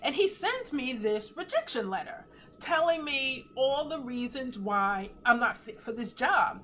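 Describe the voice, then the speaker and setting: A woman in her fifties giving an earnest, emotional testimony on a live stream from home, teary at times, with animated swings in pitch. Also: measured pace, slight background noise. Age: 50s. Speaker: host of a faith livestream. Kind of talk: casual live talk, testimony.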